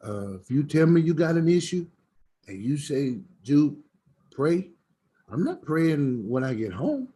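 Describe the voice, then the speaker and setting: A man's voice: fairly high pitch, sing-song, measured pace, dark tone, breathy edge. A middle-aged man, a smokehouse owner telling folksy stories in a preacherly way. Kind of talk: storytelling chat.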